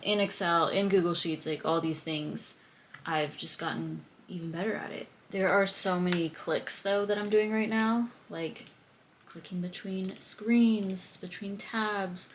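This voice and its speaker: A young woman vlogging in a relaxed, chatty diary style, her voice sitting a little low. She talks openly to the camera with plenty of fillers and light laughs. A faint hiss of background noise stays under her voice. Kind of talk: casual diary vlog.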